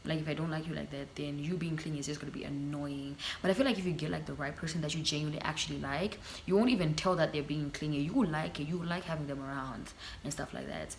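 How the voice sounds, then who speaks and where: A young Zimbabwean woman vlogging in a casual sit-down chat, sassy and animated, slipping into Shona phrases. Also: deep voice, fast talker, few pauses, slight background noise.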